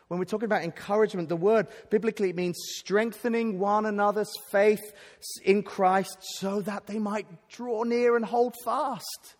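A man delivers a sermon in an earnest, emphatic way, often stumbling and restarting mid-phrase. His voice sits high for a man. The sound carries the long reverb of a large hall. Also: fairly even intonation, normal speed. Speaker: preacher. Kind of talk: sermon at a conference.

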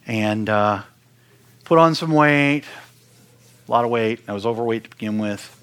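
A middle-aged man preaching in an earnest, conversational way, often doubling his words when he drives a point home. His voice sits at a medium pitch for a man. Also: moderate pace, a bit bright, clear, resonant tone. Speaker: worship ministry speaker. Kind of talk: sermon-style teaching talk.

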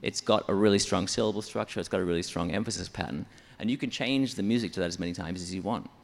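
Deep gravelly man explaining songwriting. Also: quick pace, long reverb tail. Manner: methodical, explanatory, counts syllables aloud. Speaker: church songwriter. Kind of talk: explaining in an interview.

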